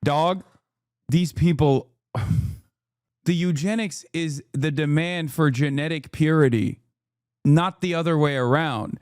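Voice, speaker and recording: A man's voice: a little high, dry recording, studio quality. A man streaming his reaction to a video, ranting in exasperation, his voice climbing as he gets worked up. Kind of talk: live-stream reaction commentary.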